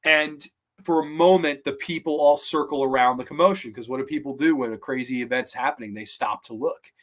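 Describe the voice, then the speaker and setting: Male host, mid-pitched, eager and rambling, casual film-review chat. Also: a little fast. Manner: enthusiastic, rambling storyteller. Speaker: podcast host.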